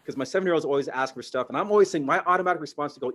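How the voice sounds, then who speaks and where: A man's voice: fairly high pitch, racing, a bit bright. A man performing stand-up comedy over a video call, telling stories animatedly and jumping into character voices.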